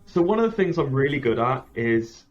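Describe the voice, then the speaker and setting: A man's voice: medium pitch, big pitch swings, fairly quick, dull audio, slight background noise. A man talking casually as a founder in an interview, rambling and correcting himself often. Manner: rambling, self-correcting, frequent "like" and "um". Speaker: app founder, guest.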